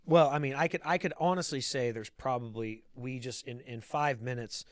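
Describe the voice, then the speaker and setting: A male podcast host talks in a blunt, casual way and swears freely. He often repeats a word or two before a thought gets going. His voice sits at a middle pitch and sounds dry and close to the mic. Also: moderate pace, dry recording. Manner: blunt, heavy swearing, repeats words when starting. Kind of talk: casual profane chat.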